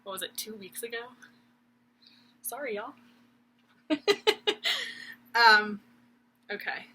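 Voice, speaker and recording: A woman's voice: medium pitch, slow pace, noisy background. A young woman, chatting casually and rambling with giggles about her stitching projects at home. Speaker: cross-stitch vlogger. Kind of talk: casual chat.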